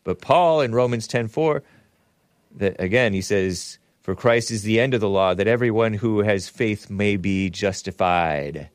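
A man's voice: lowish voice, a little slow, no room sound. A man hosting a livestream talk show, reading viewer messages aloud and chatting in a rambling, chuckling way. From United States.

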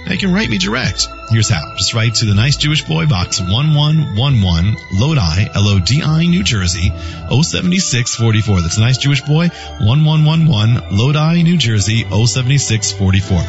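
A man's voice: mid-range voice, very animated, moderate pace. A man delivering a scripted radio teaching and donation appeal, with an emphatic preacher's cadence. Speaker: radio ministry speaker. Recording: dull lo-fi broadcast with faint music.

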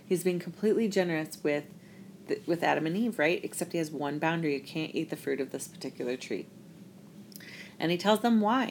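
A woman's voice: deep voice, a little fast, slight background noise. A woman sharing a weekly Torah reflection in a casual, chatty way, drawing on her experience as a parent. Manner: reflective, chatty, with laughs and restarts. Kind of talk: casual talk.

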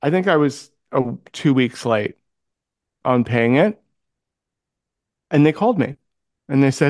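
A man's voice: medium pitch, measured pace, long pauses, no echo, studio quality. A man chatting casually on a podcast, telling a story and acting out the voices of the people in it. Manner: animated storyteller, acts out quoted voices. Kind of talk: casual chat.

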